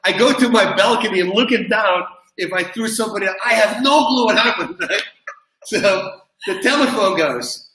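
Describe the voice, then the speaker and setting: A man telling a long, funny personal story in an animated way, laughing as he goes and acting out what people said. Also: high voice, moderate pace. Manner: lively, laughs at his own story, acts out quotes. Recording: roomy, from a distance.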